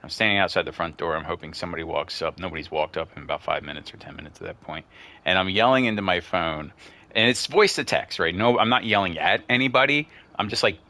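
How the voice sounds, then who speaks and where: Low, bright-voiced man telling a rambling story. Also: fast. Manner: rambling, excitable storyteller who gets worked up. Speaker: gaming streamer. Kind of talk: casual gameplay commentary with storytelling.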